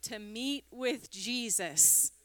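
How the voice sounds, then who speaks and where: A female pastor welcomes a church congregation and makes announcements in an unhurried way with a few fillers. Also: a little high, a bit bright, long reverb tail. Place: church sanctuary.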